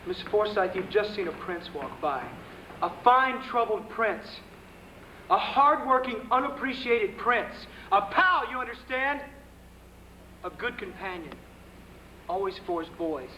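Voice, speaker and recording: An actor playing a desperate young adult son on stage, pleading and at times breaking into shouts. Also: male voice, sits high, expressive, measured pace, slight background noise, heavily acted. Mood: bitter. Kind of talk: live stage drama acting. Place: theater stage. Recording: echoey live theater recording.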